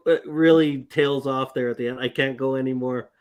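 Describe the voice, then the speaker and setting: A man's voice: mid-range voice, fairly even intonation, moderate pace, smooth. A man co-hosting a casual live-stream football talk show, bantering in a joking, self-deprecating way. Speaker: co-host.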